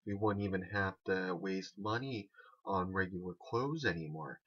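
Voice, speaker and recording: Man, very low voice, deadpan, rambling comic monologue, muffled lo-fi sound. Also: slightly rough. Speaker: comedian. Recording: dull lo-fi recording.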